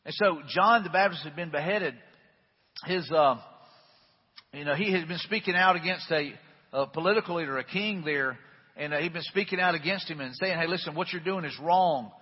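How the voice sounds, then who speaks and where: A man's voice: fairly high pitch, moderate pace, breathy edge. A man preaching a sermon in a conversational way, with fillers and restarts. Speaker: pastor. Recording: dull echoey hall.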